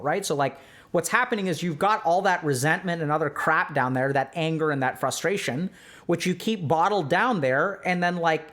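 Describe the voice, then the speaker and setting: A man talking through meditation in a livestream lecture, animated and conversational. He explains each point directly to his audience. His voice sits fairly high. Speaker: streamer giving a talk.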